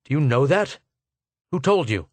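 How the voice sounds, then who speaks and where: A man's voice: medium pitch, very animated, moderate pace, breathy edge, no room sound, voice pushed up. Audiobook figure: a proud, despairing archaeologist, urgent and pressing, read by a male narrator. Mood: demanding. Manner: urgent, demanding questions.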